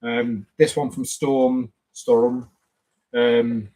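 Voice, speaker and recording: A man's voice: mid-range voice, flat delivery, drawn-out words, warm tone, poor audio. A man hosting a casual live stream, rambling along and greeting viewers by name as they drop in.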